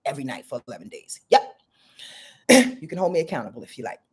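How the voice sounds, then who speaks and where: A woman's voice: low voice, big pitch swings, fast talker, slightly rough. A middle-aged woman astrologer talking frankly in a casual confessional vlog, rambling and swearing freely.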